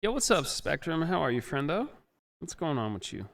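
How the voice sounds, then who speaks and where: A man's voice: a little high, big pitch swings, moderate pace, vocal fry, a bit bright. A man streaming a game, joking around and chatting with viewers in casual let's-play commentary. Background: game music.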